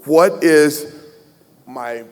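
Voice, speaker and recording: Extremely slow and a bit mellow, his fairly high voice carries through a large banquet hall, where a ballroom PA adds long reverb. He's a man in his sixties from the Southern United States giving a heartfelt, folksy keynote at a gala, joking with listeners and answering questions.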